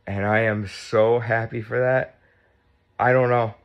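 A man's voice: medium pitch, fairly even intonation, unhurried. A man in his fifties vlogging at home, sore and tight after surgery, chatty and blunt and swearing freely. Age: 50s. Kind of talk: casual vlog talk. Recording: dull lo-fi sound.

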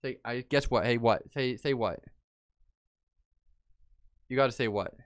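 A man reacting to memes in casual chat, loud and exclamatory, swearing and laughing often. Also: mid-range voice, unhurried, smooth. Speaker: meme reaction host.

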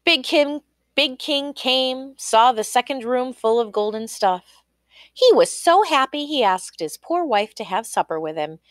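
Slow, lively woman storyteller. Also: high-pitched, dry recording, studio quality. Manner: lively, expressive reading. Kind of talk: storybook read-aloud narration.

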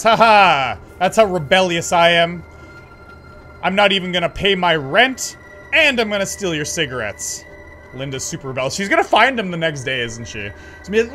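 A man commenting on a horror game as he plays, excitable and joking, talking back to the screen. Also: sits high, moderate pace, soft background music. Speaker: gaming channel host. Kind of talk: let's play commentary.

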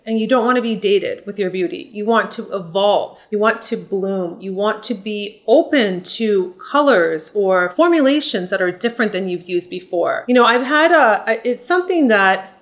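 A woman's voice: a little high, a bit bright. Older lady beauty vlogger, chatty and upbeat, talking viewers through her makeup. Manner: chatty, encouraging, addresses viewers as ladies. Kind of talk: casual makeup tutorial chat.

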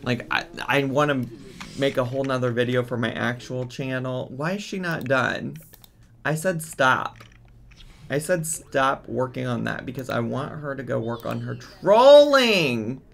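An exasperated man narrating his game in a slow, unhurried way, his voice gravelly with creak. He talks casually and keeps scolding the characters on screen, with faint keyboard clicks behind him. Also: medium pitch, animated, a bit bright, slight background noise. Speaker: gaming streamer. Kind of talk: casual let's-play commentary.

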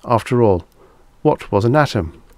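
A man's voice: medium pitch, animated, moderate pace, a little mellow, no echo, close to an everyday voice. Man reading a detached skeptical man. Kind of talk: audiobook reading.

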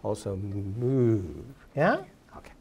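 A woman's voice: rumbling low, animated, slow, gravelly, dark tone, slightly rough. A woman giving a violin masterclass, encouraging her student in short coaching phrases and humming passages to show how they go. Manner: hums and sings phrases to demonstrate. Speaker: violin teacher. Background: violin playing.

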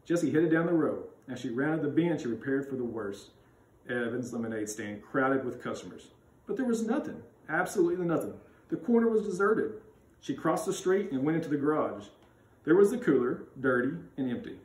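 A man reading a children's chapter book aloud with expressive, animated narration. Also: mid-range voice. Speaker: school read-aloud reader. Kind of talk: storybook read-aloud. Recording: roomy sound, mic at a distance.

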